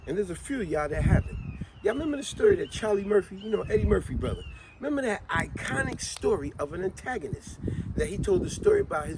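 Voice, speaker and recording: Man, motivational talk, high voice, very animated pitch, emphatic. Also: slight background noise. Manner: conversational, emphatic, repeats questions to the listener. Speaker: motivational speaker. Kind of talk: motivational monologue.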